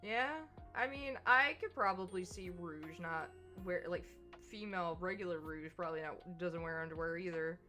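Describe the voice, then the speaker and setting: A woman's voice: on the low side, normal speed, hardly any pauses, pushed and bright. A woman streamer in casual chat on a game stream, giggly and laughing often. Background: background music.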